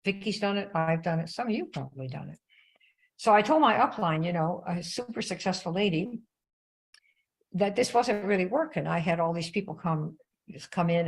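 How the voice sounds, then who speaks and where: Older female sales coach, low gravelly voice, lively conversational delivery. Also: normal speed, rough recording. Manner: animated storytelling, conversational. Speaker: network marketing coach. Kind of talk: casual live-stream talk.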